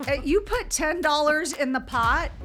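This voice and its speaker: A woman's voice: sits high, expressive, a little slow, a bit bright, soft background music. A middle-aged woman co-hosting a casual podcast, chatty, teasing and self-deprecating. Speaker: podcast co-host. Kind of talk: casual chat.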